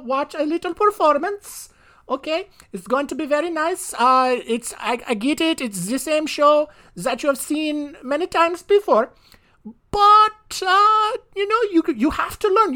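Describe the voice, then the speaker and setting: A man's voice: bright, forceful tone, heavily acted. A man putting on an exaggerated German accent to voice a drunken abusive father. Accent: put-on German accent. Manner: high-pitched mock-formal announcing.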